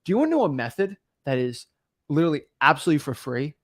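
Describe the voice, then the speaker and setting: A man's voice: big pitch swings, quick pace. A man doing a slick salesy course guru. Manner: pitchy sales patter.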